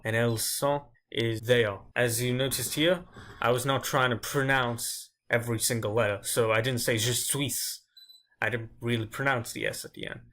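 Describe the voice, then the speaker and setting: Man teaching verbs, slow and deliberate. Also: medium pitch, a bit bright. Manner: slow, deliberate drilling of example words. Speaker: French language teacher. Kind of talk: explaining grammar step by step.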